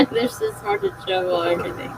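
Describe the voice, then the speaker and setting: A woman's voice: a little high, wildly swooping pitch, background noise. A woman with a South Jersey accent, a writer chatting casually on a live writing-sprint stream and reading out viewer comments. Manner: slow, gravelly delivery with frequent laughs.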